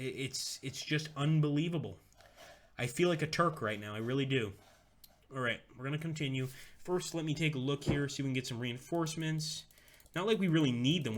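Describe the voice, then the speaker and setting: Young male streamer, excitable, profane, bright tone. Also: medium pitch, a little hiss or hum. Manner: excitable, swears freely. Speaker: game streamer. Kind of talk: live game commentary.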